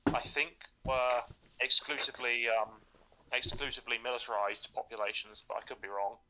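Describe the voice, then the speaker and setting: A man's voice: mid-range voice, steady tone, moderate pace, bright, forceful tone, a little hiss or hum, rough recording. A man co-hosting a live stream, talking at length in a loose, rambling way with many restarts. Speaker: co-host. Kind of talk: casual chat.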